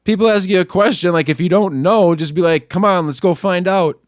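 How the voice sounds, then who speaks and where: A man with a high voice rants crudely into the mic, jumping between low grumbling and sudden yelling. The sound is dry and close, with no room echo. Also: brisk. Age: adult, not much older than a young store clerk. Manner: angry, crude, swings between muttering and yelling. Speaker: podcast host. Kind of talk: profane ranting monologue.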